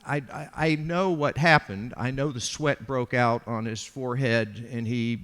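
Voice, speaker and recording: A man's voice: medium pitch, measured pace. Man telling a story in an echoing hall. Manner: animated, acts out quotes. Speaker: panelist, art dealer. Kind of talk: storytelling anecdote. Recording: long hall reverb.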